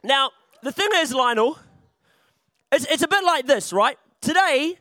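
A man's voice: very high voice, lively intonation, normal speed, pushed and bright, dry recording, clean studio sound. A male preacher giving a playful youth sermon, chatty and jokey, often restarting his phrases.

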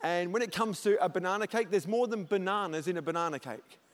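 Lively high-voiced pastor preaching. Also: male voice, fast. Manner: animated storyteller, jokes, loud comic peaks. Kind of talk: sermon.

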